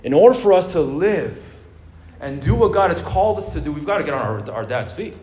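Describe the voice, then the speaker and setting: A male pastor delivering a sermon, moving between fervent exhortation and calm storytelling, with frequent fillers and repeated words. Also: on the high side, fairly quick. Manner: rising fervor, then a calm storytelling tone.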